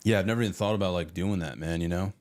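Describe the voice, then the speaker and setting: Man, very low voice, podcast host, laid-back, casual swearing. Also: quick pace, darkish tone.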